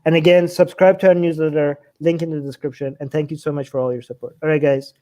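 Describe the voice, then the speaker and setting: A man's voice: a little high, little pitch movement, fast, mellow. A man hosting a livestream, talking passionately and filling his speech with "like", his voice rising as he gets indignant. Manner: passionate, heavy use of "like", voice climbing when indignant. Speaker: show host. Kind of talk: livestream chat.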